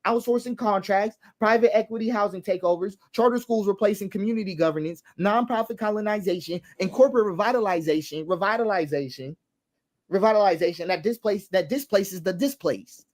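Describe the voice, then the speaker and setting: A man's voice: high-pitched, fairly quick. Guy going off on a passionate commentary rant, repeats his points, punchy lists. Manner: emphatic and repetitive, hammering points with lists. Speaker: commentary host. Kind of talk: impassioned political commentary.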